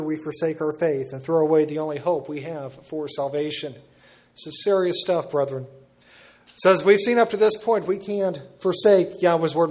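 A man preaching a sermon, slow and measured, repeating words for emphasis. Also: on the high side, darkish tone.

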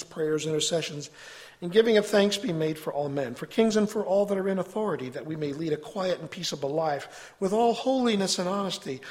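A man giving an earnest, measured sermon to a congregation and reading scripture aloud. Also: a little high. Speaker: preacher.

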